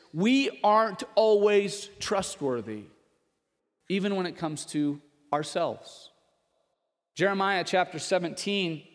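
Storytelling pastor in a reverberant hall. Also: male voice. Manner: storytelling, acts out voices of others with loud raised pitch. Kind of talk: sermon with personal story.

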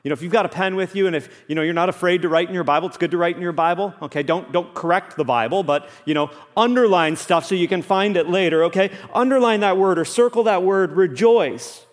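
A man's voice: high-pitched, quick pace, hardly any pauses, in a large hall. A man preaching a Sunday sermon as pastor, earnest and emphatic, repeating key phrases for weight.

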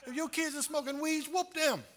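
A man preaching a sermon as pastor, telling folksy stories with laughter and rising to shouts. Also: extremely high pitch, normal speed, background noise.

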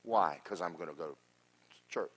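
A pastor preaching a sermon, telling stories with humorous asides and swinging from loud exhortation to quiet remarks. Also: male voice, sits low, moderate pace, husky. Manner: animated storytelling with humorous asides.

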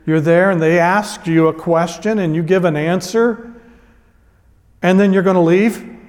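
A man's voice: high voice, a little mellow, long reverb tail. A man preaching a sermon as a pastor, retelling a scripture story in an earnest, emphatic way.

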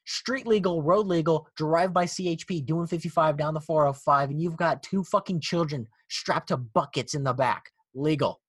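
A man's voice: fairly high pitch, normal speed, few pauses, breathy edge, no echo. A man hosting a casual car podcast, swearing and laughing as he rants. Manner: profane, animated, laughing ranter. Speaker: podcast host.

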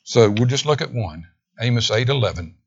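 A man preaching a sermon with emphatic delivery, rising to raised declamation and dropping to a hushed near-whisper. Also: medium pitch, expressive, brisk, gravelly, slightly rough, dull audio.

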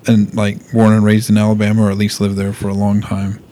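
Low-voiced hesitant man from Texas. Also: monotone, a little fast, warm tone. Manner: hesitant, restarts often. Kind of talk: casual chat.

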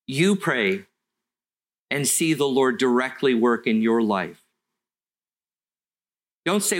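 A middle-aged man, preaching a sermon in an earnest storytelling way that slows for emphasis. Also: medium pitch, fairly bright tone. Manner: earnest, storytelling, with slow deliberate stretches. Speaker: pastor.

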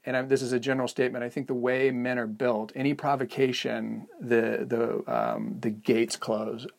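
A man's voice: mid-range voice, level tone, normal speed, creaky. A man co-hosting a podcast, speaking candidly and hesitantly, often searching for words in a reflective conversation. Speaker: podcast co-host.

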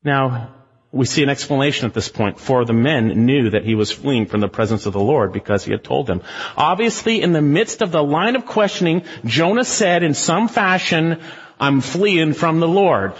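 A man preaching a sermon as a pastor, emphatic, with rhetorical questions and shifts between loud and hushed delivery. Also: fairly high pitch, animated, fairly quick, breathy edge. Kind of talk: expository sermon. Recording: muffled, reverberant sanctuary recording.

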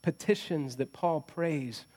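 A man's voice: on the high side, slow pace, a little mellow. A man preaching a conversational sermon as a pastor, often asking the congregation rhetorical questions.

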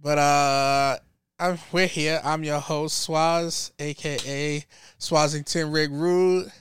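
A man's voice: fairly high pitch, steady tone, slow pace, smooth. A man hosting a casual podcast, talking loosely and profanely and laughing often. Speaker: podcast host. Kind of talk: casual chat.

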